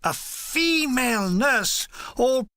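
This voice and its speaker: A man's voice: extremely high pitch, animated, slow, pushed and bright, no room sound. A man reading a comic wartime memoir aloud, with dry timing and voices for the dialogue. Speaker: audiobook reader.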